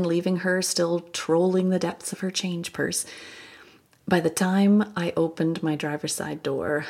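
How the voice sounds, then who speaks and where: Slow, husky woman with a low gravelly voice. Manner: soft, breathy storytelling with whispered asides. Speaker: podcast host. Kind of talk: reflective Christian podcast storytelling.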